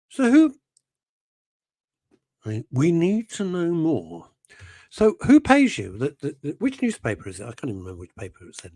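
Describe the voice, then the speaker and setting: Animated man hosting a radio chat. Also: fairly high pitch, moderate pace, no echo, clean studio sound. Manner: animated, rambling, self-interrupting. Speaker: radio show host. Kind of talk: casual radio chat reading listener messages.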